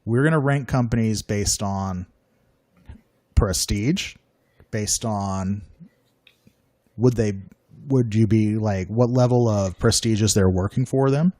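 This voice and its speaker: Guy hosting a chat podcast, kinda low voice, dry close sound, jokey and upbeat. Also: takes it slowly, long pauses, warm tone, dry recording. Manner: upbeat, joking, self-deprecating. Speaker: podcast host. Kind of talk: casual chat.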